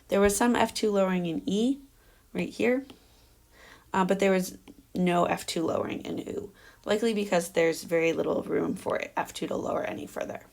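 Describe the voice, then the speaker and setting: A woman's voice: lowish voice, vocal fry. A young adult woman giving an academic research presentation, explaining carefully with frequent fillers. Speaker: doctoral candidate presenting research.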